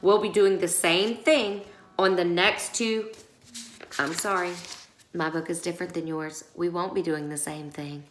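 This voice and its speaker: A woman's voice: fairly low pitch, steady tone, unhurried, reverberant, a little hiss or hum, low-quality recording. A woman teacher giving a recorded lesson, explaining workbook pages patiently and often checking in with her class. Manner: patient, instructive, frequent check-ins.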